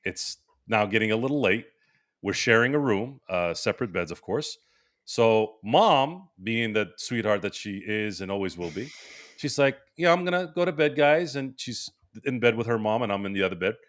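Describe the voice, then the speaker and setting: A man in his forties, a podcast host, telling a long casual story, animated and full of restarts. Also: on the low side, moderate pace. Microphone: remote stream microphone.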